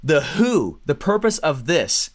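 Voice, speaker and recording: A man teaching an online business training, talking fast and animated, often checking in with "right?" and "okay?". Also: a little high. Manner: fast, animated, acts out quoted clients; keeps tagging lines with "right?" and "okay?". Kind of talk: energetic training talk to viewers.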